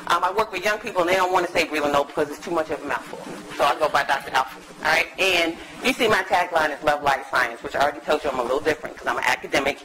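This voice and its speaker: Bright-voiced woman giving a playful lecture. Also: deep voice, very fast, few pauses, a little hiss or hum, poor audio. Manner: chatty, playful, teasing the audience. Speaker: guest lecturer, academic psychologist. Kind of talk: lively conference talk to a live audience. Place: lecture room at a university.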